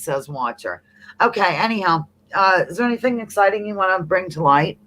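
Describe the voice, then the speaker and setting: A woman from the eastern US hosting a casual livestream, reading chat comments aloud in an animated, laughing way. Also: medium pitch, a little slow. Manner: animated, laughing, reads comments in playful voices. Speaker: livestream host.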